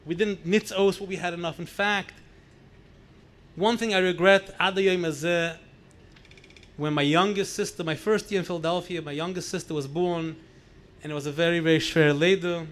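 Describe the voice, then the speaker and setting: A man's voice: high-pitched, normal speed. A man in his sixties with a New York accent, a rabbi telling stories at a gathering, acting out the dialogue and mixing in Yiddish phrases. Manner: animated, acts out dialogue, mixes in Yiddish phrases. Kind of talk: storytelling talk at a gathering.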